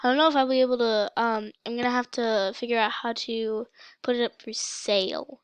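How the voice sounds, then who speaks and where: A young woman casually commenting on her gameplay for her channel, chatty and excitable, with a slight cough. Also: a little high, fairly quick, clean tone, no room sound. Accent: mock British, put on. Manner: chatty, excitable, breaks into gasps and shouts. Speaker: gaming channel host.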